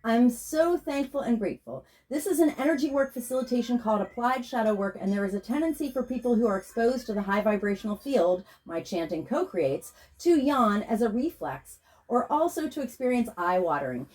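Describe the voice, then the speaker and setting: A woman who works as a tarot reader and energy healer, speaking in a calm, measured, invocational way as she leads a guided meditation and chants a repeated prayer. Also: a little high, low-quality recording.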